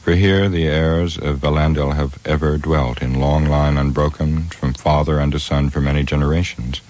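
A grave male ranger speaks slowly and solemnly, his voice extremely deep and steady. A man reads him in an audiobook. The delivery is measured, with weight on every phrase. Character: weathered grave male ranger, heir of kings. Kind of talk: audiobook character reading.

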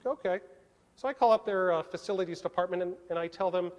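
A man from Southern California tells a story to a conference audience, playing out each exchange of dialogue with animation. His voice sits noticeably high. The sound carries the long reverb of a large hall. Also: fast, darkish tone. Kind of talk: storytelling talk.

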